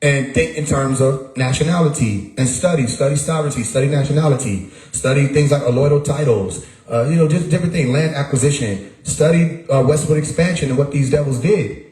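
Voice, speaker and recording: Man, livestream host, emphatic, repeats himself, mid pitch, echoey room. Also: a little fast, darkish tone. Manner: emphatic, repeats words, rhetorical questions. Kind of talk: casual livestream monologue.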